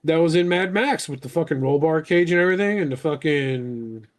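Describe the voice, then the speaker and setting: A man hosting a podcast, chatting casually, excitable and jokey with lots of swearing. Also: a little high, brisk. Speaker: podcast host. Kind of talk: casual chat.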